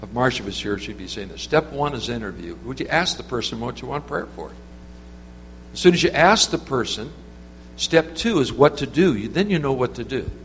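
A man's voice: mid-range voice, animated, normal speed, fairly bright tone. A man preaching an informal sermon, telling stories in a rambling, conversational way with many restarts. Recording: reverberant hall with faint hum.

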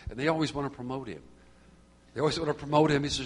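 A man's voice: mid-range voice, rapid-fire, husky. A middle-aged man leading a church small group, talking conversationally and growing fervent and preachy, often repeating phrases. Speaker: group leader.

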